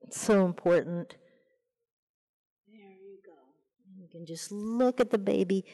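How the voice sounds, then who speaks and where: A woman leading a mother and baby yoga class, giving gentle, soothing cues and cooing at the babies. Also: mid-range voice, measured pace, long reverb tail. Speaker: yoga instructor. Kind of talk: guided yoga class instruction.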